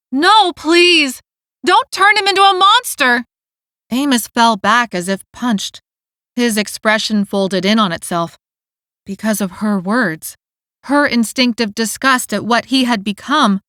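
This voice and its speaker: A woman's voice: fairly high pitch, fairly bright tone, no room sound. A woman narrating an audiobook in scripted, emotive style on a close studio mic.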